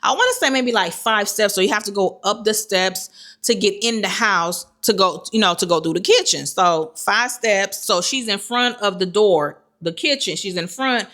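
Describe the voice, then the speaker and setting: Chatty vlogger woman, bright and a touch high, talks straight to viewers. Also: moderate pace. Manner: chatty, animated, addresses viewers directly. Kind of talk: casual storytelling to camera.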